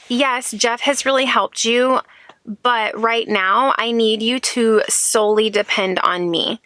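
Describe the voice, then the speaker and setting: A woman talks to her viewers in an earnest, chatty way. Her voice is bright and sits close and dry, with little room around it. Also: medium pitch, dry recording. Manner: earnest, faith-filled, chatty with many "like"s. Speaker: vlogger. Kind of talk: casual chat to camera.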